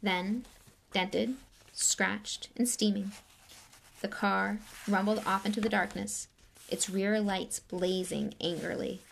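A woman's voice: mid-range voice, steady tone, slow, gravelly, slight background noise. A woman narrating a storybook aloud, dramatic, dropping to a whisper at tense moments. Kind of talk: audiobook reading.

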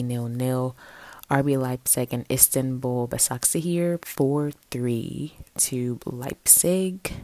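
A woman's voice: extremely low pitch, warm tone, no echo. A young woman hosting her own casual sports podcast, chatting with lots of fillers and playful asides into a home mic. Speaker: podcast host.

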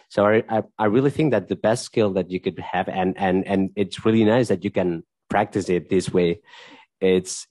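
A man's voice: sits low, dark tone, dry recording. A man speaking as a podcast guest in a casual interview, thoughtful and searching for his words as he talks. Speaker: podcast guest, tech executive and dance teacher.

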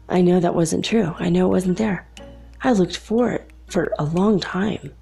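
A woman's voice: fairly low pitch, slow, vocal fry, dark tone, husky, faint music behind. A young adult woman telling a personal story in a casual, chatty way, laughing often between remarks.

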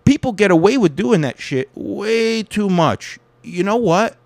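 A man's voice: sits high, expressive, a little slow, darkish tone, no echo. A young man hosting his own podcast, ranting with heavy swearing and then telling stories about doing stand-up comedy. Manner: angry, profane ranting that settles into reflective storytelling. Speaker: podcast host and stand-up comic.

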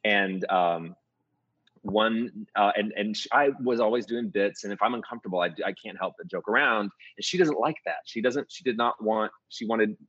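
Husky low-voiced man telling jokey stories. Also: moderate pace, no room sound. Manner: jokey, animated storyteller with many restarts. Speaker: music producer and voice coach. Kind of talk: casual interview storytelling. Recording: dull lo-fi dry recording.

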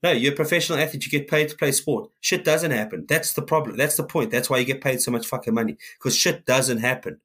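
A man's voice: medium pitch, fast, hardly any pauses, a bit bright. A man, co-hosting a podcast, ranting heatedly in casual chat and swearing often. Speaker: podcast co-host.

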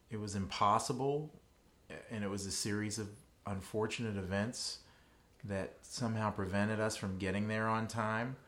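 A man's voice: lowish voice, a bit bright. A man co-hosting a podcast, recounting a trip in a plain, matter-of-fact way. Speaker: podcast co-host. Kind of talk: casual storytelling.

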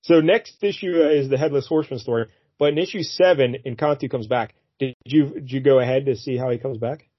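A man's voice: mid-range voice, fairly quick, hardly any pauses, breathy edge, dry recording. A man co-hosting a podcast, casually recapping a comic book and putting on silly voices for the characters. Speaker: podcast co-host. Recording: dull lo-fi dry recording.

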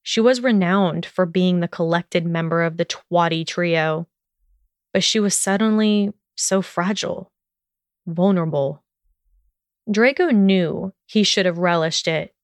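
A woman narrating a story in a measured, steady reading voice. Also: fairly low pitch, no room sound.

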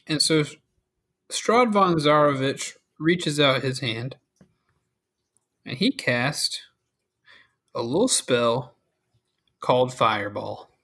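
A man narrating a tabletop game as game master, relaxed and full of fillers. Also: mid-range voice, slow, pauses often, husky.

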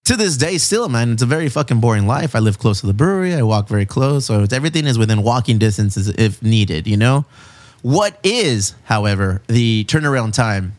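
A man, hosting a casual chat in a mid-range voice. He tells stories with animated, profane energy and throws in plenty of slang. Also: mid-range voice, a little fast. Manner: animated, profane storytelling with lots of "bro" and "dude". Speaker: podcast host.

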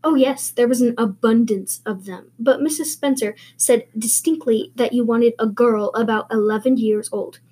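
A woman's voice: a little high, normal speed, hardly any pauses, mellow, slightly rough. A woman voicing an eager, talkative eleven-year-old orphan girl who speaks in a dreamy, earnest, wordy way.

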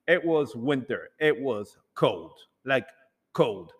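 A man in the middle of a casual storytelling talk, rambling and animated as he acts out what people said. His voice sits at an ordinary male pitch, and a long hall reverb trails behind each phrase. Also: slow pace, slightly rough. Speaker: speaker addressing an audience.

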